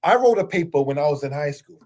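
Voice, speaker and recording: This middle-aged Torah teacher talks fast in a fairly high, somewhat mellow voice with lively intonation. His religious teaching monologue is earnest, repetitive, and full of rhetorical questions.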